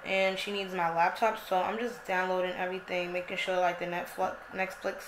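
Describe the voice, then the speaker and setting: A woman's voice: on the low side, level tone, fairly quick. A young woman chatting casually to her vlog camera, laid-back and full of slang and fillers. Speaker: vlogger. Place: home and parked car. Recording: noisy background.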